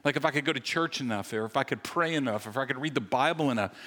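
Animated male pastor in a ringing hall. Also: medium pitch. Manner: animated, self-deprecating, quick bursts of humor. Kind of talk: sermon. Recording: long reverb of a large hall.

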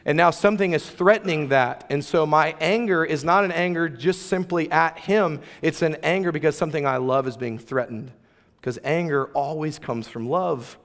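A fairly high-voiced man preaches a sermon in a large, echoing church hall, the sound trailing off in a long reverb. He talks in a conversational, emphatic way and keeps tossing quick asides to his listeners. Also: a bit bright. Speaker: pastor.

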